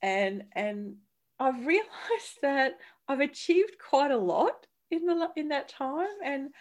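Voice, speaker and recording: Woman in her thirties, podcast co-host, animated and giggly casual talk. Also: sits high, slow pace. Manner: animated, laughing, restarts often. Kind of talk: casual chat.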